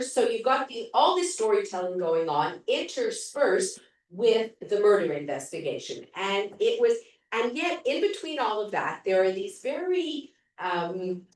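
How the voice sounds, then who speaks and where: A woman gives a chatty book review, retelling the story with an animated, rising-and-falling voice. She sounds far from the mic in a very echoey room. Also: mid-range voice. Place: library room.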